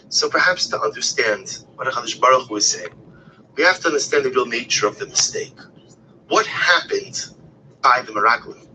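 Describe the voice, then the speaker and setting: A man teaching a text-based Torah class, talking expressively, often repeating phrases and asking rhetorical questions, and sometimes dropping to a hushed whisper. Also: on the high side, a little fast, a little hiss or hum, low-quality recording. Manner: expressive, shifts between loud emphasis and hushed whispers.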